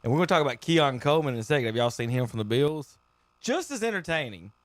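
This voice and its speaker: Chatty sports radio host, dry mic. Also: male voice, medium pitch, quick pace, no echo. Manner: laughs often, repeats words, excitable. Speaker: sports talk show host. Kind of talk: casual sports radio chat.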